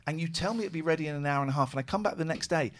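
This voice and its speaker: A man's voice: a little high, racing, a bit bright. A middle-aged man hosting a phone-in show, telling a long story in a chatty way and acting out both sides of each exchange. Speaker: radio phone-in host. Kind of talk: casual chat.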